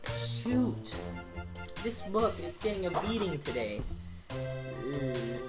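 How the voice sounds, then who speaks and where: A woman's voice: on the low side, sing-song, takes it slowly, loud music behind the voice. A woman vlogger giving rambling, casual commentary over a screen recording, with many fillers and self-corrections.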